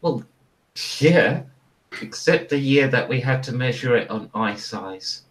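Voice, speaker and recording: Brash, dismissive kangaroo monarch played by the game master for a tabletop game, gruff bragging voice in a shaky Aussie put-on. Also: male voice, mid-range voice, animated, unhurried, distant mic, close to an everyday voice, rough recording. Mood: smug. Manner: gruff bragging put-on Australian accent that slips. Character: cocky male kangaroo king, boastful and dismissive.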